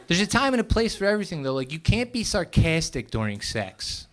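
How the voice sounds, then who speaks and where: A young man doing a stand-up set on a club stage, telling stories in a quick, conversational way. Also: on the high side, sing-song, a crowd in the background. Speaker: stand-up comedian. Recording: live club recording with audience noise.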